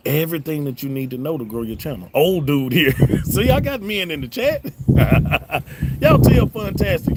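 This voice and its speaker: At home, smoking a cigar on a livestream, a middle-aged YouTube host with a Southern drawl reads live chat and jokes back in a laid-back way. His voice sits at medium pitch, under heavy background noise.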